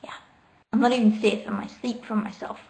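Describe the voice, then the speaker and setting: A woman's voice: fairly high pitch, steady tone, fairly quick, creaky, a little mellow. Giggly woman chatting on a late-night livestream. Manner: chatty and giggly, reads questions aloud before answering. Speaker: livestreamer answering viewer chat. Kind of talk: casual late-night live chat. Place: at home, sitting on the floor. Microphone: laptop microphone.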